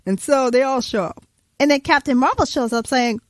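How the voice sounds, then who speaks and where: A woman hosting a podcast, telling a story in a playful, animated way. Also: high-pitched, a little fast, no room sound. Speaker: podcast host. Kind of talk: casual storytelling.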